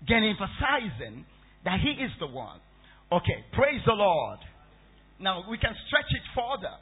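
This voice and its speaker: A man's voice: sits high, big pitch swings, a little slow, slightly rough. A man preaching a Bible-study sermon, repeating points and quizzing the congregation with questions. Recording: tinny phone-like recording.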